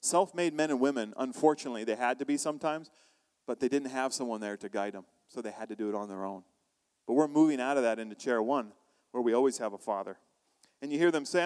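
A man preaching a sermon as pastor, animated, acting out quoted voices and asking the congregation questions. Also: mid-range voice, fast talker, clear, resonant tone, big-room sound.

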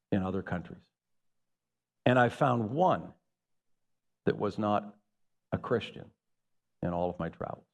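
A man preaching a sermon, calling out to the congregation to ask for their agreement. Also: medium pitch. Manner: animated, calls out to the congregation. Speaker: pastor. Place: church. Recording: echoey hall.

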